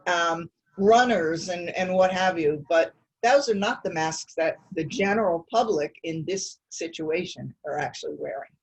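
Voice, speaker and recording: A woman who heads a youth soccer association, explaining her points in a measured way on a video call. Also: on the low side, breathy edge, low-quality recording. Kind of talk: casual video call meeting.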